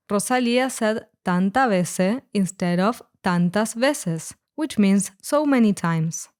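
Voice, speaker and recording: A woman narrating a scripted language lesson, explaining words clearly and slowing down on each example. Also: medium pitch, darkish tone. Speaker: Spanish teacher.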